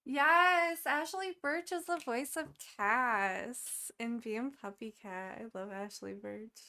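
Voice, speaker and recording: A woman co-hosting a casual podcast, reacting with quick, enthusiastic remarks. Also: a little high, sharp tone. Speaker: podcast co-host. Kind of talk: casual chat.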